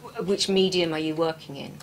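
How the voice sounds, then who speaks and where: A woman's voice: low voice, fairly even intonation, a little fast, a little hiss or hum, rough recording. A woman with an English accent hosting an interview, asking questions with enthusiasm and small stumbles. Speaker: radio-style show host, interviewer. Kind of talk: interview chat.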